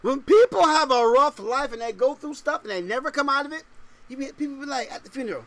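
A man's voice: extremely high pitch, fast talker. A male pastor preaching a sermon, reading scripture in old-style English and then firing off rhetorical questions in casual slang. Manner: animated, fires rhetorical questions; laughs between points.

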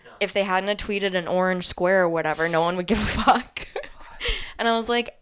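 A woman's voice: medium pitch, fairly even intonation, brisk, smooth. A young woman co-hosting a casual podcast, rambling, laughing often and swearing freely. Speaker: podcast co-host. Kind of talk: casual chat.

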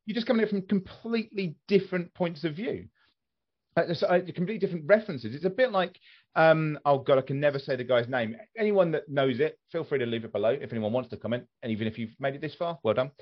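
A man's voice: a little high, fast. A man from southern England in a casual podcast chat, talking animatedly, swearing freely and often restarting his sentences. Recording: slightly dull podcast audio.

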